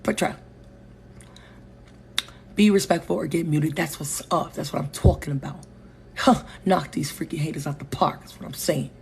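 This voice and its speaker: A woman with a Connecticut accent hosts a live stream on her phone. She is animated and opinionated, and her low, mellow voice comes through over a faint background hiss. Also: moderate pace, creaky, pauses often. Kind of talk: casual live-stream talk.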